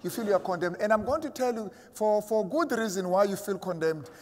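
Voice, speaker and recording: A man's voice: high voice, fairly quick, a little mellow, in a large hall, a little hiss or hum. A man preaching a sermon as a pastor, emphatic and acting out imagined voices of his listeners. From South Africa.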